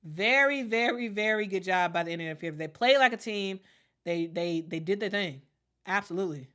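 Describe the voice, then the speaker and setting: A woman's voice: on the low side, fairly quick, fairly bright tone. Woman, basketball commentator, casual stream chat, repeats phrases. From Chicago. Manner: repeats herself, reads chat aloud, laughs often.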